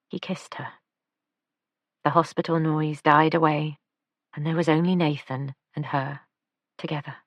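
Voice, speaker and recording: A woman narrating an audiobook in a calm, even storytelling manner. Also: low voice, no room sound. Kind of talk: scripted narration.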